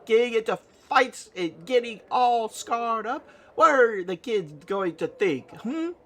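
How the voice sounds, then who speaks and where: A man's voice: sits high, animated, measured pace, voice pushed up, full character voice. A man voicing a timid, sweet little woman who talks in a meek, pleading, apologetic way. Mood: mock scolding. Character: timid sweet tiny woman, gentle and anxious.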